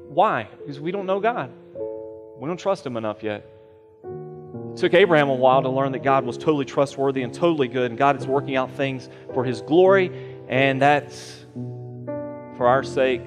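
A man's voice: mid-range voice, normal speed, big-room sound, over music. A man preaching a sermon as pastor, earnest and emphatic, repeating phrases for weight. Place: church sanctuary.

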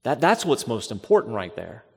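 A man's voice: mid-range voice, sing-song, moderate pace, vocal fry, slightly rough. Man preaching with long hall reverb. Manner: emphatic, with rhetorical questions and repeated phrases. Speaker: pastor. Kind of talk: sermon.

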